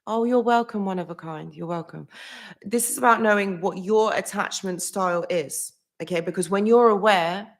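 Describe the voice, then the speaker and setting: A psychology channel host speaks at a moderate pace in a mid-range voice, chatting casually on her live stream. She greets viewers by name and leans heavily on "literally" and "like," her delivery loose and full of restarts and small laughs.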